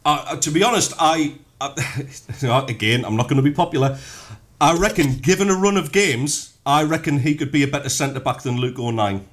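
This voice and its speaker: A man's voice: fairly high pitch, lively intonation, fairly quick, fairly bright tone. A man with a Sunderland accent reading football headlines and then chatting bluntly as a radio co-host. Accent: Sunderland (Mackem). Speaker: radio co-host and news reader. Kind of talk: headline reading and casual sports chat.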